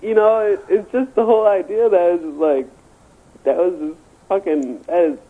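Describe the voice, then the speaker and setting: A man rambles through a crude anecdote, stammering and restarting as he goes. His voice sits a little high and comes through a thin, phone-like line. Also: steady tone, moderate pace, a loud crowd. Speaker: guest. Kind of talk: casual storytelling chat.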